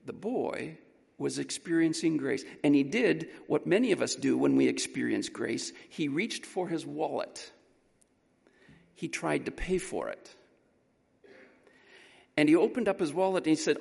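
Man preaching, telling a story with lots of energy, slightly high voice, big reverb. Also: a little slow, vocal fry, pauses often, slightly rough. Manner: animated, emphatic storytelling. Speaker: pastor. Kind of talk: storytelling sermon. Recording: long reverb in a large hall.

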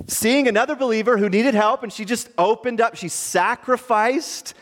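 A man preaching a sermon as a pastor, conversational and animated, often asking the congregation rhetorical questions. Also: sits high, moderate pace, in a large hall.

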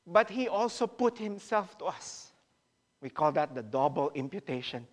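Animated man preaching a sermon. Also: on the high side, moderate pace. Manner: animated, questions the congregation directly.

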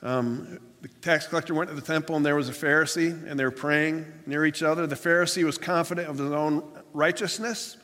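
A man's voice: a little high, fairly even intonation, fairly quick, bright, forceful tone. A man preaching a sermon as pastor, telling stories in an earnest, plainspoken way with some restarts. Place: church sanctuary. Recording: long hall reverb.

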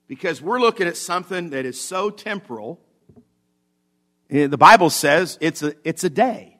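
A man with a somewhat high voice preaches to his congregation in an emphatic, repetitive style. He checks in with a quick "okay?" between points. Then he works himself up into fervent exclamations. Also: a bit bright. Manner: emphatic, repeats key phrases, checks in with "Okay?". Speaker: pastor. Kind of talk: sermon. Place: church service.

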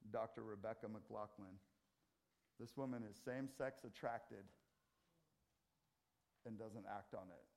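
A middle-aged man preaching a sermon in a church, swinging from loud scripture readings to quiet asides. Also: fairly low pitch. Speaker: pastor. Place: church sanctuary.

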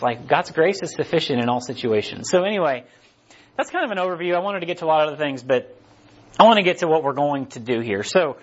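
A man's voice: fairly high pitch, slightly rough, dull audio. A man teaching a Bible study, retelling scripture in a loose, conversational way with casual slang.

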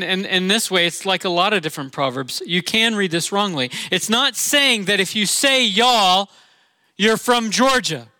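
Bright-voiced Midwestern pastor preaching. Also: male voice, sits high, no echo. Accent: Midwestern American. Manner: earnest, conversational preaching with rhetorical questions. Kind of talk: sermon.

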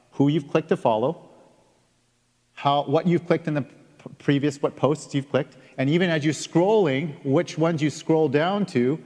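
A man preaching a sermon in an earnest way, reading scripture aloud and stressing key words with pauses. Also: on the high side, darkish tone. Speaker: pastor. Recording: long reverb of a large hall.

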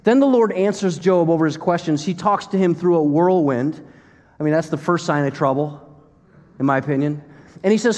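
A man preaching a sermon as pastor, playful and animated, then turning soft and earnest. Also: fairly high pitch, a little fast, long reverb tail. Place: church hall.

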